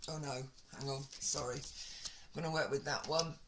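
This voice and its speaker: A woman's voice: very deep voice, steady tone, normal speed. A woman giving a casual tarot reading, chatting and talking to herself as she lays out the cards. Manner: chatty, talks to herself while laying out cards. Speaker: tarot reader. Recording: loud background noise with card shuffling.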